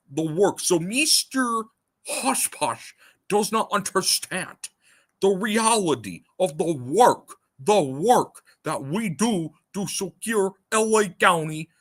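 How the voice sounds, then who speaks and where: A man impersonating a middle-aged male official who lectures slowly and keeps repeating himself. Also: sits high, pitched above the performer's own voice, heavily acted. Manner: slow, repetitive, lecturing.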